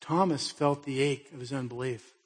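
Husky-voiced male pastor preaching. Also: medium pitch, normal speed, long reverb tail. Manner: conversational storytelling with pointed rhetorical questions. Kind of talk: sermon.

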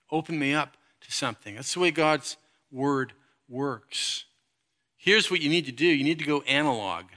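Bright-voiced animated male preacher. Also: a little high. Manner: animated, conversational preaching with sound effects and acted-out asides. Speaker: pastor. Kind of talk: sermon.

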